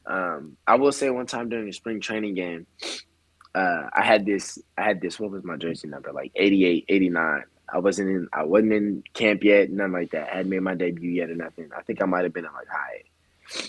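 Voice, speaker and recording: A man's voice: deep voice, brisk, slightly rough, dry recording, poor audio. A young adult man, a baseball player guest, telling stories in a laid-back way full of slang on a casual podcast.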